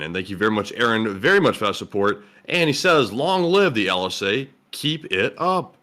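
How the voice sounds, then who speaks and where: A man's voice: mid-range voice, bright, forceful tone. A man co-hosting a livestream, playfully reading donor messages aloud. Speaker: co-host reading donations.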